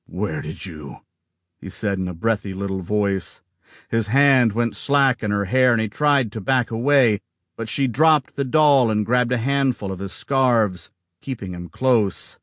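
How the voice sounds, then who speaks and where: Steady male audiobook narrator. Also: medium pitch, unhurried, dry recording, studio quality. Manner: steady, dramatic storytelling.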